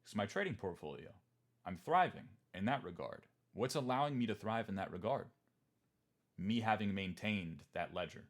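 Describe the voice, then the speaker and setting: A man's voice: fairly low pitch, expressive, normal speed. A young man in his twenties giving a candid, emphatic livestream talk about markets and holding through downturns. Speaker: trading streamer.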